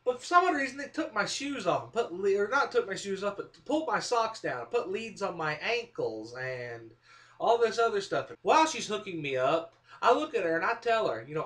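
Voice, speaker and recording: Animated man telling a comic story. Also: sits high, fairly quick. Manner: animated, self-mocking, acts out quotes. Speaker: vlogger. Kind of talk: casual storytelling monologue.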